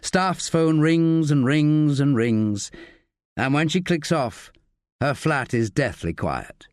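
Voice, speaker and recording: A man narrating an audiobook in a measured, expressive way. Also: on the high side, dry recording, clean studio sound. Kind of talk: scripted narration.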